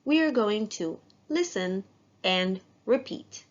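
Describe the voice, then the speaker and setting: A woman teaching an English phonics lesson, modeling sounds slowly and praising students as they repeat. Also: medium pitch, lively intonation. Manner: slow, drawn-out, encouraging drill. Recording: dull lo-fi sound.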